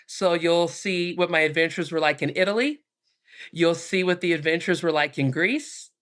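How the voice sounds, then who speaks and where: Bright-voiced animated woman storyteller. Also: fairly low pitch, moderate pace. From United States. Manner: animated, acts out voices in her stories. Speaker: guest, author. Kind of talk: storytelling interview.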